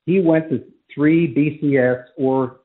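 A man's voice: on the high side, fairly even intonation, unhurried. Brief: male phone-in guest analyst, emphatic, muffled phone-line sound. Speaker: college football reporter calling in as guest. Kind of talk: radio call-in analysis. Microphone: telephone.

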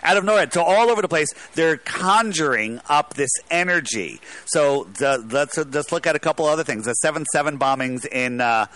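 Male caller, emphatic and rambling, tense bright timbre. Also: fairly high pitch, lively intonation, moderate pace, hardly any pauses. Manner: rambling, emphatic, restarts a lot. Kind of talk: casual talk radio call.

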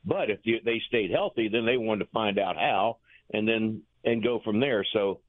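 A man's voice: fairly low pitch, moderate pace, no room sound. Chuckling man on a tinny phone line. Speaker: guest, former pitching coach. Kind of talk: anecdotal storytelling in an interview.

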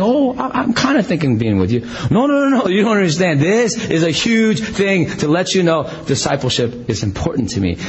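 A middle-aged male pastor preaching a sermon in a conversational, animated way, with self-deprecating humor and frequent restarts. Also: medium pitch, husky, low-quality recording.

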